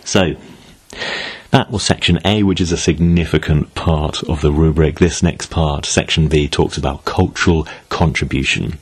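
Very deep, husky man. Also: fairly even intonation, moderate pace. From Britain. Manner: thoughtful, loose, with fillers and restarts. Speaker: video essay host. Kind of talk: casual spoken commentary.

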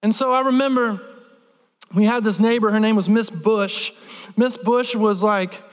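A man preaching a sermon, telling a childhood story in an animated, humorous way with lots of filler words. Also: sits high, a little slow, smooth, big-room sound. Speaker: pastor.

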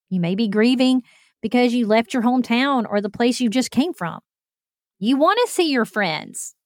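A woman hosts a podcast, telling a personal story in an animated, self-deprecating way and talking straight to her listeners. Her voice sits a little high. The sound is close and dry, with no room around it. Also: no room sound. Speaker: podcast host.

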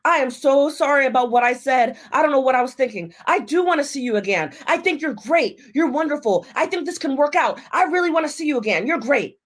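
A woman's voice: high voice, sing-song, moderate pace, breathy edge, voice pushed up, full character voice. A woman quoting an awkward, pushy young man from a bad date in a plain, earnest voice. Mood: pleading.

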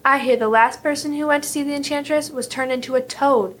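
A woman's voice: high-pitched, fairly even intonation, a little fast, a bit bright, a little hiss or hum. A woman voicing a frightened, poor male woodcutter who pleads fearfully.

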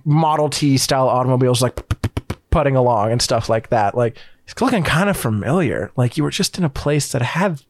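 A man's voice: medium pitch, expressive, brisk, few pauses, no room sound. A man running a tabletop game as game master, narrating loosely with lots of fillers and restarts. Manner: rambling, filler-heavy narration.

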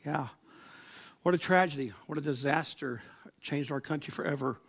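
Gravelly-voiced man preaching a sermon. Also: on the high side, normal speed, no echo. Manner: storytelling with laughs and acted-out quotes. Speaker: pastor. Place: church.

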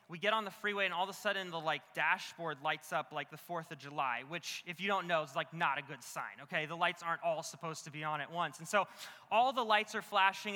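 A young male pastor gives his sermon in a large room, and his voice trails off into a long reverb. He sounds very bright and sits high in pitch. He talks loosely and animatedly, mocks himself, and fills his stories with casual fillers. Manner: animated, self-mocking, many "like" fillers. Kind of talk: sermon with comic storytelling.

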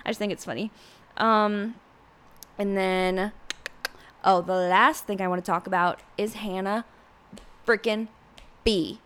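A young woman talks through a solo podcast recap in a loose, chatty way. She peppers her talk with "like" and slips into quick impressions of people. Her voice sits in an ordinary middle pitch. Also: steady tone, fairly bright tone, clear, resonant tone. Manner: chatty, lots of "like" fillers, acts out quotes. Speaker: podcast host.

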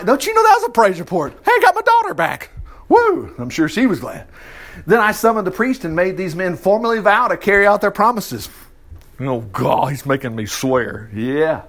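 A man preaching a sermon, reading scripture aloud and breaking in with folksy, animated asides and acted-out voices. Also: sits high.

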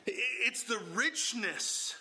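In this expository sermon, a man preaches emphatically, his low, even voice breaking now and then into sudden exclamations. He takes his time, speaking slowly.

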